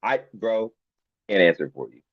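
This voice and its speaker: A man co-hosting a casual football podcast, relaxed and teasing as he vents. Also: fairly low pitch, normal speed, dry recording, dull audio. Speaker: podcast co-host.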